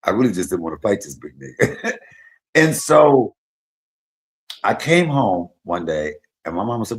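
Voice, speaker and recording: A middle-aged man hosting a casual chat, telling profane, animated stories. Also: mid-range voice, normal speed, vocal fry. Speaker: host.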